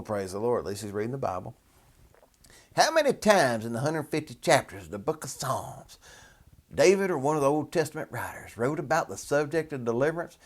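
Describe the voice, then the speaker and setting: A man, a minister hosting a show, commenting on a news article in a wry, chatty, sardonic way. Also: mid-range voice.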